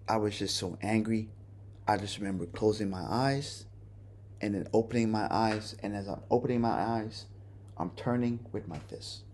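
A male podcast host telling a personal story in a halting, remorseful way, often restarting his sentences. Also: lowish voice, darkish tone, slight background noise. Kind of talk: personal confession monologue.

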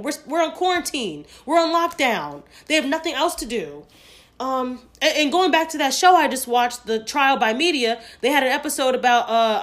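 Outspoken woman, fairly high voice. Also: fairly bright tone. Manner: outspoken, emphatic, swears freely. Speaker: podcast host. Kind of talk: solo podcast commentary.

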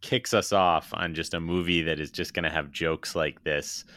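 A man's voice: deep voice, steady tone, normal speed, pushed and bright, dry recording, studio quality. A man co-hosting a casual movie podcast, retelling film scenes with enthusiasm and the odd swear. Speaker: podcast co-host.

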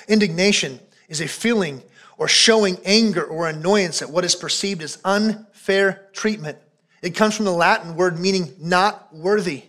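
Man, pastor, high-pitched, emphatic sermon delivery, repeats phrases, hushed solemn asides. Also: normal speed. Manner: drops to a low, quiet voice for solemn points.

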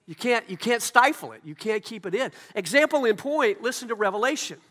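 A pastor preaching to his congregation, a man with a strikingly high, bright, forceful voice. He swings from loud emphatic peaks to quiet, hushed asides. The sound carries a long reverb from a large hall. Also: lively intonation, brisk. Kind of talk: sermon.

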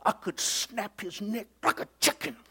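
A man imitating a soft-spoken young man who talks in a calm, quiet, menacing way. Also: normal speed, vocal fry, slightly rough, heavily acted. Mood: quietly musing. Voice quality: hushed, low-key drawl.

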